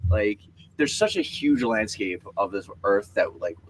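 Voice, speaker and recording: A man joins a casual chat eagerly, filling his sentences with "uh" and "like". His pitch jumps widely. Clear background noise runs under his voice. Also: animated, unhurried. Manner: eager, many fillers.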